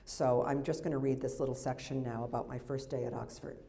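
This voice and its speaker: Low, mellow-voiced American woman reading. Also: fairly even intonation, a little fast, creaky. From United States. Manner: wry, chatty asides between passages. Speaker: memoir author. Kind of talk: reading from a memoir to an audience. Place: festival reading event. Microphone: microphone.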